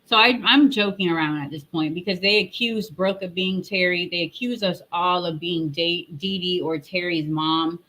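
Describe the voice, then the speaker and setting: A woman's voice: fairly low pitch, normal speed, hardly any pauses, a bit bright, poor audio. A woman hosting a commentary channel, retelling an online argument in a sarcastic, mocking tone and reading out comments. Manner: rambling with fillers and restarts.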